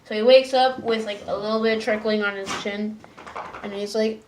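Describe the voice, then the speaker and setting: Woman reviewer, casual recap, filler-heavy, restarts, pops into squeaky character voices. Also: steady tone, moderate pace, slight background noise. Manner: rambling, many "like"s and stumbling restarts; jumps into high, loud voices for characters. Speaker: episode reviewer.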